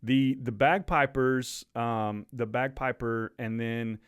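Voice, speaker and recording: A man's voice: medium pitch, fairly even intonation, clean tone, no room sound. Easygoing man, dry close sound. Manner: easygoing, halting with fillers. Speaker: podcast co-host. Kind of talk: casual chat.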